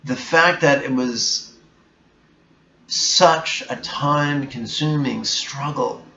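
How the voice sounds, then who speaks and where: A man giving a reflective spiritual talk as a meditation teacher, slow, deliberate and bluntly emphatic. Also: medium pitch, gravelly, pushed and bright. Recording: echoey room, dull sound, faint hiss.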